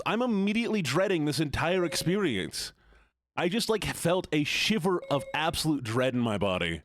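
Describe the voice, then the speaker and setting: A man's voice: a little high, sing-song, moderate pace, a bit bright, a little hiss or hum. A man live-streaming in a playful, joking way, sounding nasal and stuffed-up as he teases his chat. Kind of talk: casual live-stream chatter.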